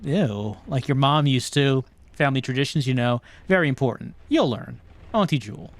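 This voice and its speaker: A man's voice: medium pitch, lively intonation, normal speed. A man streaming a video game, reading in-game messages aloud and muttering asides in casual commentary.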